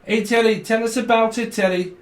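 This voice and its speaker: A man voicing a cheeky, swearing young man with a Liverpool accent, loud and high-pitched. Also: fairly even intonation, brisk, close to an everyday voice. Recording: roomy, distant mic.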